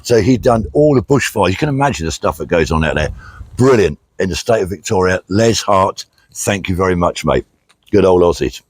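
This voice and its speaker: A middle-aged British man hosts a casual outdoor vlog on a country walk for charity, chatting plainly and reading thank-yous to donors with lots of fillers. His low, husky voice is expressive and fairly quick. The recording has no echo.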